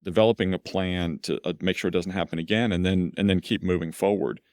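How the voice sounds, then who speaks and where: A middle-aged man with a very low voice talks through his thinking in a relaxed, meandering way, like an executive guest on a podcast. The sound is dry and close. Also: quick pace, dry recording. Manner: reflective, rambling storyteller. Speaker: law firm CEO, podcast guest. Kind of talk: conversational interview.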